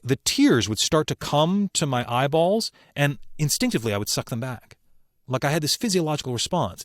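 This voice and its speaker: A man who works as a voice actor, telling personal stories as a podcast guest in an earnest, emphatic way with slow, weighty pauses. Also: medium pitch, no echo, clean studio sound. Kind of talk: reflective interview storytelling.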